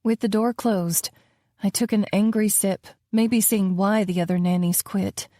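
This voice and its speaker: Warm, dry-voiced woman narrating. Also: mid-range voice, no room sound. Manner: calm, measured storytelling. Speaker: audiobook narrator. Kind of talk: first-person audiobook narration.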